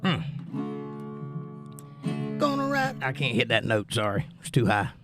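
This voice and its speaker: A man's voice: on the low side, fairly quick, over loud music. A man hosting a casual livestream, reading viewers' comments aloud and chatting back to them. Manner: chatty, reads comments and answers them warmly. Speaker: livestream host.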